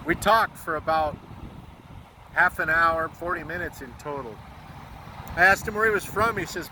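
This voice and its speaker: A man's voice: on the high side, moderate pace, long pauses, noisy background. An American man telling a moving story in a vlog, earnest and close to tears, swearing bluntly. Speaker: truck driver vlogger.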